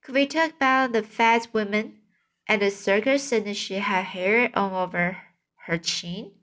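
A wistful schoolboy from a storybook, put on by a woman reading aloud. He pleads fondly, slightly higher than plain speech, and unhurried. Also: a bit bright, natural voice. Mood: begging. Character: wistful schoolboy, fond of memories.

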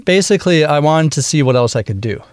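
A man in his thirties from Wisconsin with a Midwestern American accent, talking casually as a guest in a radio interview, relaxed and full of fillers. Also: on the high side, fast. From Wisconsin, USA. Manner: relaxed, chatty, laughs easily, many fillers. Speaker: bandleader and woodwind player, guest.

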